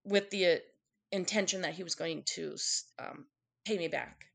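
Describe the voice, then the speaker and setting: A woman's voice: on the low side, moderate pace, vocal fry, a bit bright. Candid woman telling a personal story. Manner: candid, emotional, acts out quotes. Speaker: guest telling her story.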